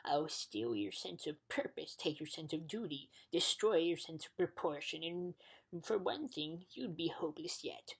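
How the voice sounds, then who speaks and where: A woman's voice: low-pitched, unhurried, gravelly, husky, heavily acted, poor audio. A woman reading an audiobook, voicing a pompous little male census taker who sneers and gloats. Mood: gloating. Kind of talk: audiobook character voice.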